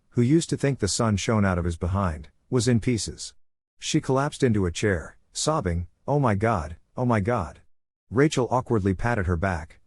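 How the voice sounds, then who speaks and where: Calm man with a husky low voice. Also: no echo, clean studio sound. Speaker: story narrator. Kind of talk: first-person story narration.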